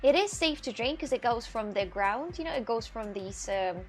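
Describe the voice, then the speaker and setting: A woman streaming live outdoors on a city walk keeps up casual, chatty talk, laughing often and reading her viewers' comments aloud over faint music. She talks at normal speed, with a fairly high pitch and lively intonation.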